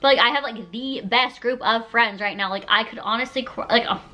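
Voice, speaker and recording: In this rough recording with slight background noise, a woman around thirty speaks on the high side, a bit fast, her tone pushed and bright. The YouTuber gushes emotionally through a casual sit-down chat to the camera, using "like" constantly.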